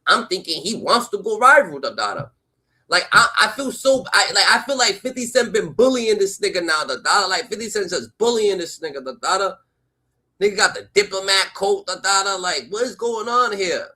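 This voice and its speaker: A man with a high, bright, forceful voice rants through a reaction commentary. He is profane and rambling, and he tacks "da, da, da" onto nearly every phrase. He keeps asking incredulous rhetorical questions. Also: animated, moderate pace, breathy edge, poor audio.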